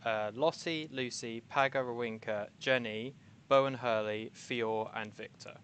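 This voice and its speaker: A man's voice: medium pitch, steady tone, a little slow, fairly bright tone, slight background noise. A man playing a tabletop game, methodical, thinking aloud as he sorts out suspects. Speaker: player. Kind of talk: casual tabletop chat.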